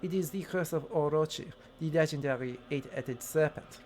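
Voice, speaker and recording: A man voicing a vain, flamboyant male swordsman prophet in a deliberately awful fake French accent, reading with mock grandeur. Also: fairly high pitch, darkish tone, close to an everyday voice. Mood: haughty. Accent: exaggerated fake French. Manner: theatrical, mock-grand reading of game lines.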